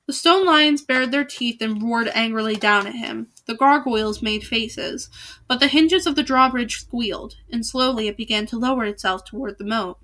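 A woman's voice: fairly high pitch, normal speed, sharp tone. A woman reading a novel aloud in a casual way, with small slips and restarts. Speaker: reader.

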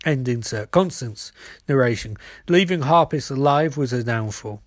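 A man's voice: medium pitch, lively intonation, normal speed, no echo, clean studio sound. A man reading a screenplay aloud, reading the stage directions, with frequent slips. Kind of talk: screenplay read-through.

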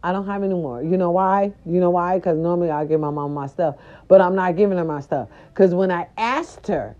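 A woman vlogger telling a casual story straight to her viewers in a sassy, animated way. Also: on the low side, a little fast. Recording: dull lo-fi recording.

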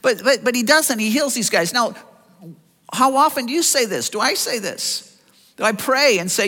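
Male pastor, high and bright, animated sermon delivery in a reverberant hall. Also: moderate pace. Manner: animated preaching, acts out voices of listeners and Jesus. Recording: long reverb of a church hall.

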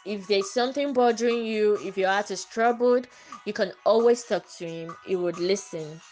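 A woman's voice: medium pitch, moderate pace, darkish tone, soft background music, poor audio. A woman hosting a casual solo podcast, talking earnestly and repeating her phrases, her voice slightly stuffy from catarrh. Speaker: podcast host.

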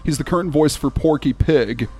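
A man's voice: a little high, normal speed, warm tone, breathy edge. A man, a voice actor, explaining his craft in an interview, eager and full of fillers. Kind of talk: interview conversation.

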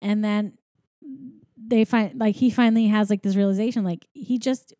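A woman's voice: medium pitch, fairly even intonation, normal speed, warm tone, dry recording, studio quality. A young woman in casual chat, animatedly retelling a story and acting out quoted lines. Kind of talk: casual movie recap chat.

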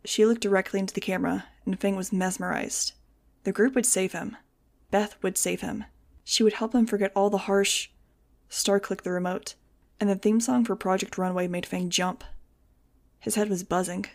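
A woman's voice: mid-range voice, steady tone, moderate pace, creaky. Woman reading a story aloud. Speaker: audiobook reader. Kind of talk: fan audiobook narration.

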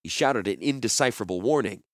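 Expressive male fantasy narrator. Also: fairly low pitch, quick pace, no echo, clean studio sound. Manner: expressive storytelling. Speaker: audiobook narrator.

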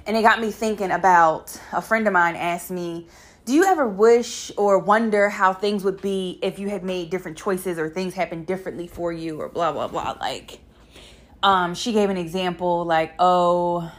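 Speaking at a normal speed in a fairly low voice, a young adult vlogger talks straight to her viewers about something that happened to her. Her delivery is loose, lively, and blunt, with plenty of cursing.

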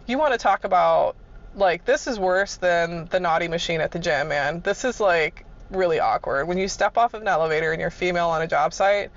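Woman, casual storyteller, relaxed, swears a lot, muffled lo-fi sound. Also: on the low side, a little fast. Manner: laid-back, profane, chuckling. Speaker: vlogger.

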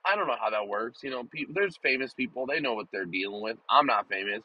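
A man's voice: mid-range voice, expressive, quick pace, dull audio. A man vlogging in a rambling, joking, profane casual monologue. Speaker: vlogger and podcaster.

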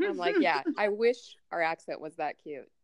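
A woman's voice: fairly low pitch, moderate pace, a crowd in the background. A woman from Minnesota, a podcast guest in casual chat, teasing the hosts playfully. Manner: lively, teasing, uses y'all.

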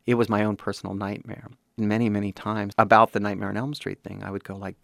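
Actor in his 50s, from Kansas City, emphatic interviewee, gravelly and low. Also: flat delivery, normal speed, fairly bright tone, dry recording, clean studio sound. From Kansas City, USA. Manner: emphatic, acts out quoted voices. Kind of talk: candid interview.

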